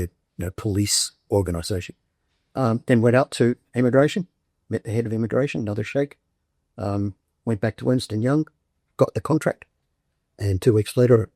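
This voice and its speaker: A man's voice: lowish voice, mellow, husky, no echo, clean studio sound. An older Australian man in a documentary interview, recounting his career in a matter-of-fact, step-by-step way. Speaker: veteran interviewee.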